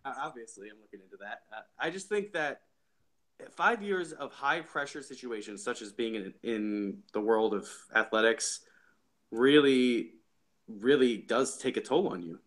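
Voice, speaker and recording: A man's voice: mid-range voice, expressive, normal speed, fairly bright tone. A young man co-hosting a casual soccer podcast, often restarting his sentences as he thinks aloud. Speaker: podcast co-host.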